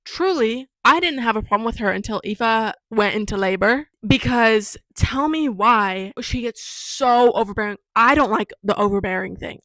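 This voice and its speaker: Young woman in her early twenties, casual book review vlog, emphatic and opinionated, bright voice, dry close sound. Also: on the high side, dry recording. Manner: animated and opinionated, with emphatic repetition.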